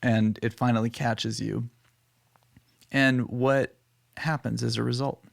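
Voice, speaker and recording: Gravelly-voiced man co-hosting. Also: medium pitch, flat delivery, slow pace. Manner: reflective, asks follow-up questions. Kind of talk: casual conversation.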